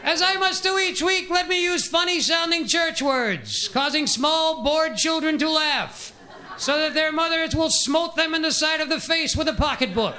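A man's voice: very high-pitched, normal speed, pushed and bright, pitched above the performer's own voice. A man putting on a droning sing-song priest. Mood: pompous. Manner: pompous sing-song preaching, repetitive. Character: droning, frustrated middle-aged male priest. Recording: live audience laughter and room noise.

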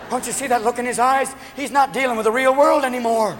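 High-voiced man doing stand-up live. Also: background noise. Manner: rapid-fire, animated, jumps into voices. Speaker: stand-up comedian. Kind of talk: stand-up comedy routine. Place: live comedy venue with audience. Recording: live club mic, echoing hall, crowd.

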